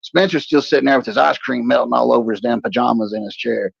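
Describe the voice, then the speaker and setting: A man in his forties, co-hosting a talk show, telling a profane, animated story in a casual way. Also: fast talker, gravelly, breathy edge, no room sound, muffled recording. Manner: profane, animated storyteller, puts on high voices for quoted people. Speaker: podcast co-host.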